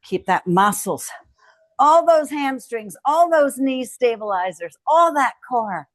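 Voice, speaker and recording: Speaking slowly in a high, expressive voice, this female fitness instructor leads an at-home strength session, cueing every exercise with plenty of encouragement. The recording is dry.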